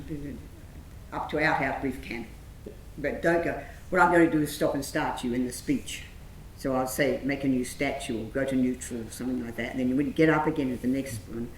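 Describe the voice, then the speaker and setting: A woman theatre director coaching actors through a rehearsal, enthusiastic and calling out sharp commands. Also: fairly quick. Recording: echoey room, faint rumble.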